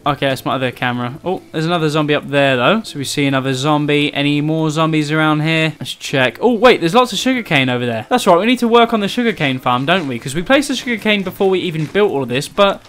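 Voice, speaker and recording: A young man narrates his game as he plays, chatting straight to his viewers. His voice sits high for a man, and he yelps and exclaims whenever something startles him. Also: lively intonation, fast talker, hardly any pauses, fairly bright tone, soft background music. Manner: jumpy, exclaims often when startled; chatty, talks to viewers directly. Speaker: gaming YouTuber. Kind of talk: let's-play commentary.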